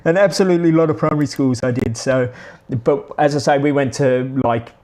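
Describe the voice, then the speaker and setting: A man's voice: mid-range voice, fairly quick, a little mellow, slight background noise. A middle-aged Australian man with an Australian accent, chatting casually and rambling through anecdotes with frequent restarts. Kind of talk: casual storytelling monologue.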